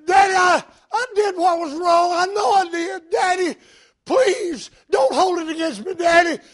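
A man's voice: very high-pitched, unhurried, a bit bright, pitched above the performer's own voice. A male preacher voicing his young daughter, pleading and sorry as she begs for mercy. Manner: pleading, crying out.

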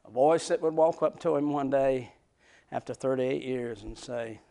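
A man preaching a folksy sermon, moving from hushed near-whispers to loud shouts. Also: mid-range voice, normal speed, vocal fry. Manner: folksy, laughs between points. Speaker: pastor.

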